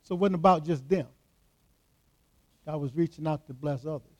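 This is a man pastoring in church, with a voice pitched high for a man. He drives each point home with emphatic repetition. He speaks directly to his congregation. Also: moderate pace, lo-fi sound. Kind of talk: sermon.

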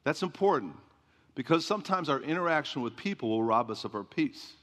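A man's voice: fairly high pitch, animated, a little fast, a bit bright. Man, pastor, emphatic sermon, repeated refrains, questions to the congregation, long church-hall reverb. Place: church sanctuary.

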